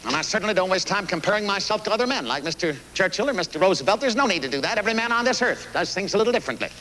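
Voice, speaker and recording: An actor playing a blunt, folksy older American president with a Missouri accent, performing live on stage. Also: male voice, high-pitched, expressive, rapid-fire, sharp tone, slight background noise, rough recording. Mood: reflective. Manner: folksy, salty, emphatic. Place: theater stage.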